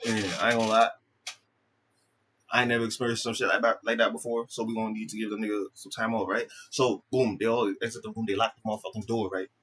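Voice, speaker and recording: A man's voice: fairly low pitch, level tone, quick pace, fairly bright tone, breathy edge. A man casually retelling a film's plot, loose and slang-heavy, swearing freely and often repeating himself and restarting his sentences. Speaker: vlogger. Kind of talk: casual storytelling, recapping a film.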